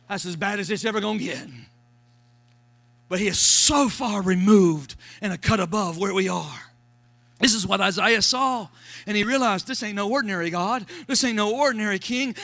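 A man preaching a sermon as pastor, shouting lines and calling for responses from the congregation. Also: very high voice.

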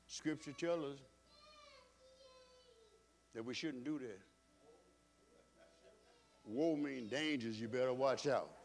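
A man's voice: mid-range voice, slow, creaky, pauses often. A male pastor preaching a sermon in an emphatic style, repeating phrases for stress.

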